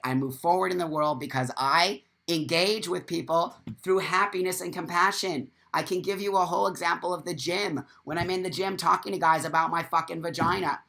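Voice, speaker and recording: A man with a fairly high, gravelly, bright voice and a forceful tone hosts a casual live stream. He talks bluntly, swears freely, and reads viewer comments aloud as he goes.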